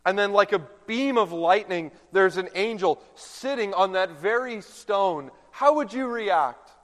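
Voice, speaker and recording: A male pastor delivers a sermon in a large church hall, slow and dramatic, his animated voice sitting high. He swings from hushed tones to loud proclamation, and long church reverb fills the recording.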